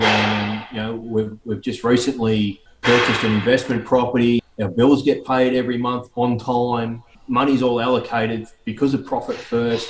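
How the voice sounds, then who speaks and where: A man's voice: medium pitch, a little hiss or hum. A man with an Australian accent who owns an auto repair shop speaks frankly and earthily as an interview guest, with many restarts. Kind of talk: candid interview conversation. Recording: echoey room.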